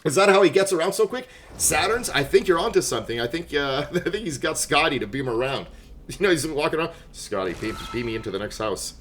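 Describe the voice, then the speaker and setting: A man's voice: on the high side, expressive, fast, fairly bright tone, slight background noise. A young adult man from Montreal, live-streaming a game and chatting casually and jokingly with his chat. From Montreal, Canada. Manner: chatty, jokey, reads and answers chat.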